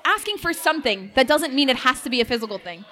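A woman's voice: high voice, lively intonation, fast, pushed and bright, faint music behind. Giggly woman playing a tabletop game. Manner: giggly, playful, laughs often. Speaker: player and game master. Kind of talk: improvised tabletop role-play.

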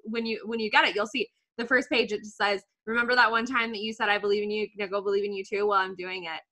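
Bright-voiced young woman telling a story. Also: mid-range voice, fairly even intonation. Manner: emotional, swearing, quick storytelling. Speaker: podcast guest, author. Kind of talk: casual podcast chat.

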